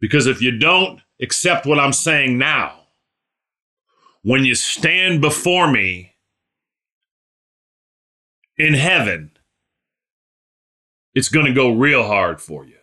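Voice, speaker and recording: A pastor preaching a sermon, swinging between loud emphatic lines and hushed asides. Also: male voice, medium pitch, big pitch swings, slow, pauses often.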